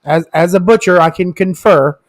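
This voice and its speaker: A man's voice: high voice, normal speed, no echo. A man co-hosting a casual podcast chat, easygoing and chiming in with short agreeing replies.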